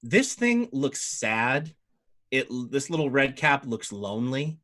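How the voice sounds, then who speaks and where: Bright-voiced man narrating a game. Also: medium pitch, sing-song, slow pace. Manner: rambling, with frequent fillers and restarts. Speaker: dungeon master. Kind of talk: improvised tabletop game narration.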